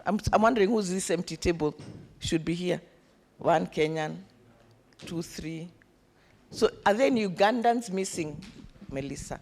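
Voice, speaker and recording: Speaking in a lowish voice at a moderate pace and pausing often, a woman leads a lively summit session in a conference room. She's animated, has the audience echo words back to her, and counts those attending.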